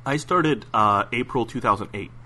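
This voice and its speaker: A man's voice: medium pitch, moderate pace, noisy background. A man answering questions in a casual podcast chat, hesitant, with many fillers and restarts. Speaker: interview guest.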